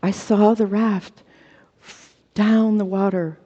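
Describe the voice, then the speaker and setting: Over a video call, a woman performs a comic true story for a storytelling contest, using dramatic timing and short, punchy phrases. Her mid-range voice is steady, slow and warm, heard through dull lo-fi audio with long reverb.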